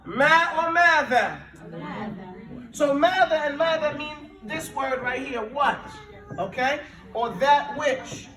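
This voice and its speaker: High-voiced man teaching in an echoey room. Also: slow. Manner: drills students with call-and-response, mixing Arabic and English; lively, laughing, emphatic explanations. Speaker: Arabic teacher. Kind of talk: classroom language lesson. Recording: echoey room, mic at a distance.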